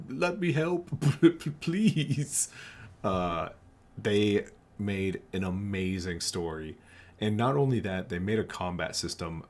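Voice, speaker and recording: Very low male voice, rambling and enthusiastic game master. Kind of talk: casual podcast chat.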